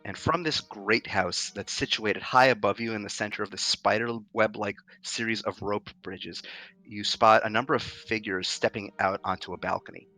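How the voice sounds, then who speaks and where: A man's voice: fairly low pitch, steady tone, moderate pace, bright, forceful tone, poor audio. A man narrating as game master of a tabletop game, describing the scene in detail with frequent fillers.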